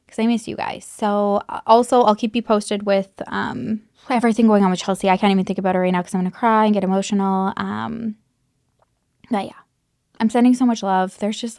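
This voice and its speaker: A woman's voice: mid-range voice, darkish tone, no room sound, clean studio sound. A woman giving casual true crime commentary to camera, candid and swearing freely, with lots of likes and you knows, while recovering from an illness.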